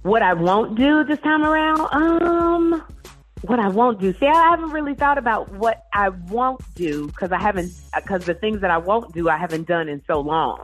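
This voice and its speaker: A woman guest in a casual interview, telling stories with animated energy and acting out voices. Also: medium pitch, normal speed, faint music behind. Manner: animated storyteller, acts out voices. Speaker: talk show host guest. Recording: tinny phone line.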